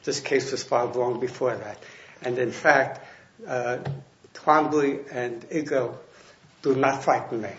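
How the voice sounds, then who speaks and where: A man arguing a case before judges in a courtroom, halting and restarting often with fillers. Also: medium pitch, fairly even intonation, fairly bright tone. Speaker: attorney arguing an appeal. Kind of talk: courtroom oral argument. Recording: echoey, muffled courtroom audio with faint hiss.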